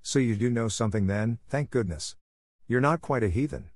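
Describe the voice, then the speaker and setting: A man reading the lines of a stern, sharp-tongued older spinster in a brisk, scolding way. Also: medium pitch, animated, no echo, clean studio sound, natural voice.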